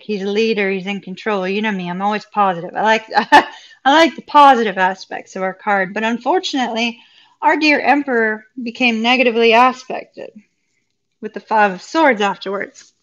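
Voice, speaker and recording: A woman's voice: mid-range voice, normal speed, fairly bright tone. A woman giving a live tarot reading to viewers, effusive and upbeat, chatting and laughing often. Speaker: tarot reader. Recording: dull lo-fi recording.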